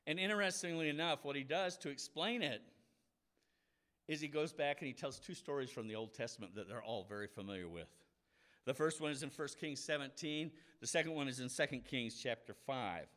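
A man's voice: mid-range voice, fairly quick, a bit bright. Male preacher, casual explanatory Bible teaching, mid-range voice, acts out quoted lines.

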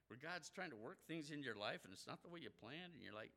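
Guy preaching a sermon, bouncy lively voice, bright, chatty stories. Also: on the high side, a little fast, vocal fry. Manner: animated storytelling, conversational. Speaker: pastor.

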